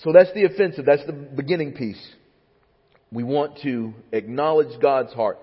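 A man preaching a sermon in a church, moving between quiet teaching and fervent, emotional pleas. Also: mid-range voice, moderate pace, breathy edge. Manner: builds to fervent, rising pleas, then drops to quiet teaching. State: near tears. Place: church sanctuary. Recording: dull sound with long hall reverb.

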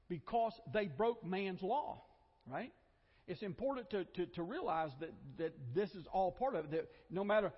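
Male Southern preacher, husky tone, animated delivery, chatty with asides; echoey, muffled church hall sound. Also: high voice. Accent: Southern American. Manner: conversational, with joking asides and repeated phrases. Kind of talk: sermon.

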